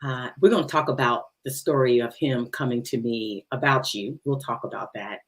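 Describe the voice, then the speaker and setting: A woman's voice: extremely low pitch, normal speed. A middle-aged woman hosting a podcast interview, playful and laughing often. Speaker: podcast host. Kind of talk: casual interview.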